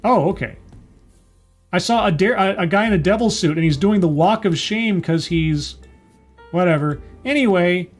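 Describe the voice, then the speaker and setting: A man with a high-sitting voice gives a casual, sarcastic recap and review of a TV episode at normal speed, with faint music in the background. He mocks the writing and sighs over the plot.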